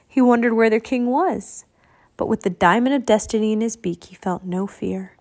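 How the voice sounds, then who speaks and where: A woman narrating a children's novel aloud in a steady, expressive storytelling manner. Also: a little high, normal speed.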